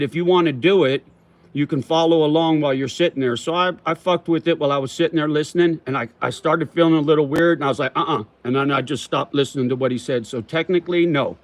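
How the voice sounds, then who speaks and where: A man hosting a casual livestream, answering viewer comments in a profane, slangy way and calling people homie and brother while he chews tobacco. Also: mid-range voice. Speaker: livestream host.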